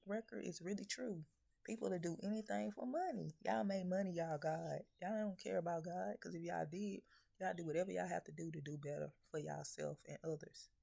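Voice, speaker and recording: A woman with a lowish, creaky voice and a dark tone preaches bluntly to her viewers. Her message as a spiritual reader is profane and scolding, built around rhetorical questions.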